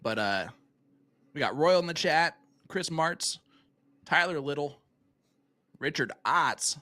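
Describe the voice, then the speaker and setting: A man's voice: a little high, lively intonation, slow, pushed and bright. A man hosting a live darts stream, commentating and reading sponsor promos in an upbeat, chatty way.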